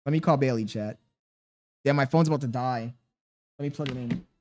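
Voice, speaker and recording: A man's voice: mid-range voice, fairly quick, noisy background. A man livestreaming casually, coaxing a baby in baby talk, reading viewer messages aloud and bantering with loose, profane slang. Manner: reads viewer messages aloud between remarks.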